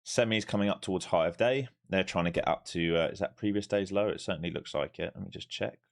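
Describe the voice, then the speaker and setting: A man's voice: low voice, quick pace, gravelly. A man giving live commentary to viewers as he trades, blunt and profane as he thinks aloud over the charts. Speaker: live-streaming day trader.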